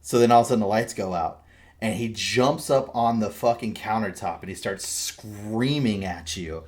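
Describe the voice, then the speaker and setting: Rambling, cursing podcast host. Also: male voice, lowish voice, moderate pace. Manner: rambling, swears freely, animated storytelling. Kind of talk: casual chat.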